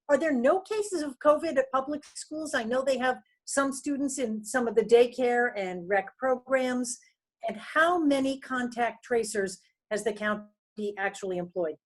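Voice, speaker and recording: Woman, reporter, slightly high voice, direct questions. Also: unhurried, rough recording. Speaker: radio reporter. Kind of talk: asking press questions.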